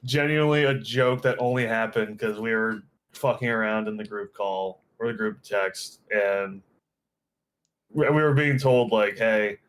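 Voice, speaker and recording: A man chatting casually and jokily with friends on a live stream, swearing and jumping into high quoted voices. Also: measured pace, a bit bright.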